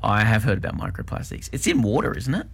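A co-host on breakfast radio, answering in quick, reactive replies during casual chat. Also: mid-range voice, wildly swooping pitch, gravelly, slightly rough.

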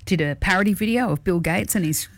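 A woman co-hosting a breakfast radio show, chatting casually with lively, animated storytelling. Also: lowish voice, quick pace.

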